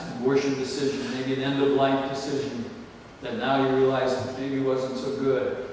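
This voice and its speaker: An older male pastor delivering a slow, emphatic sermon, his voice rising on exclamations. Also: mid-range voice, a little hiss or hum. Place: large church or banquet hall. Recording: distant, echoey hall recording.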